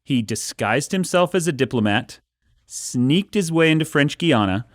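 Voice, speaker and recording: A man's voice: on the high side, animated, unhurried, dry recording, clean studio sound. A man co-hosting a podcast, telling a history story in a casual, rambling way with fillers and a self-mocking humor. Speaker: podcast co-host. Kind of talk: casual chat.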